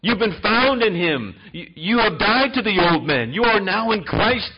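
A male pastor preaching a sermon in an emphatic style that swings between loud and soft. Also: high voice, big pitch swings, normal speed, dull audio, background noise.

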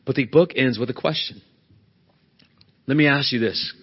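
A man preaching a sermon as pastor, swinging between loud emphatic peaks and hushed, low passages. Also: normal speed, slightly rough, muffled recording.

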